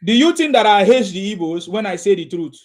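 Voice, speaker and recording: A Nigerian man hosting a live call-in show, arguing hard with callers and circling back to the same point again and again. His voice sits high for a man. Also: big pitch swings, fairly quick. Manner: combative, repeats himself. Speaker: host. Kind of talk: heated live call-in chat.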